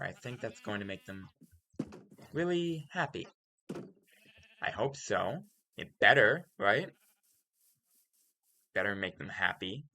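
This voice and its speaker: Slow, calm man with a bright voice. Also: lowish voice, a little hiss or hum. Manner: deliberately calm, soft-spoken delivery; musing, introspective. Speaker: let's play host. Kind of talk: casual gameplay commentary.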